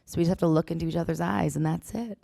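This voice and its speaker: A woman answering as an actress on a panel, bubbly and quick to chime in. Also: deep voice, fairly even intonation, gravelly, dark tone, a little hiss or hum.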